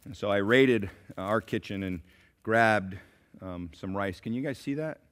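A man preaching a sermon in a church, telling a story dramatically and swinging from hushed to loud. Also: lowish voice, unhurried. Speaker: pastor. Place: church sanctuary.

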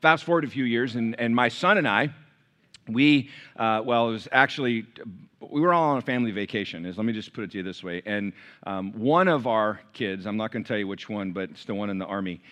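A man's voice: fairly low pitch, brisk, a bit bright. A middle-aged man preaching a sermon as pastor, telling stories with quoted dialogue and asides to the congregation.

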